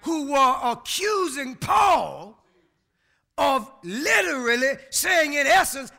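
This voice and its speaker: Man preaching a sermon, gravelly and animated, loud emphasis, chatty asides to the church. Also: very high-pitched, slow. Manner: emphatic preaching, shouting on key words, talking back to the congregation; colloquial, folksy asides.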